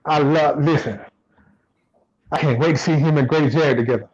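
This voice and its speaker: A man co-hosting a casual sports podcast, relaxed and repeating himself as he thinks. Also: a little high, brisk, muffled recording. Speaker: podcast co-host.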